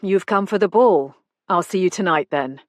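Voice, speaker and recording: A woman's voice: on the low side, moderate pace, no room sound, lightly acted. A woman voicing a charming, clipped, reserved male detective inspector in an audiobook.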